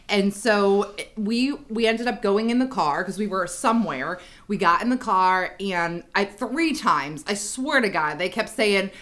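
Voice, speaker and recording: A woman's voice: medium pitch, a little slow, a bit bright. A middle-aged woman co-hosting a podcast, animatedly telling a family story and laughing along. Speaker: podcast co-host. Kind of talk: casual storytelling chat.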